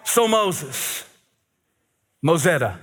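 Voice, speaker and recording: A man preaching a sermon as pastor, animated and joking, rising to shouts at peaks. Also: fairly high pitch, drawn-out words, a little hiss or hum.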